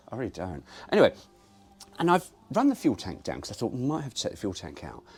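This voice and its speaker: A man's voice: on the low side, huge pitch swings, a little fast, darkish tone, slightly rough. Rambling man in a garage. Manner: rambling, self-mocking, swears casually. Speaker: car restoration vlogger. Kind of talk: casual garage vlog.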